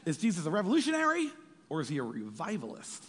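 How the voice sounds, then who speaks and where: A man preaching a sermon as pastor, animated and jokey, slipping into quick acted asides. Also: on the high side, breathy edge. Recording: reverberant hall.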